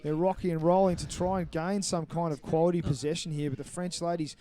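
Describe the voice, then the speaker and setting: A man giving live play-by-play commentary on a match, brisk and explanatory, walking listeners through the referee's calls. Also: a little high, fairly even intonation, mellow. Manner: brisk, explanatory, apologetic over names.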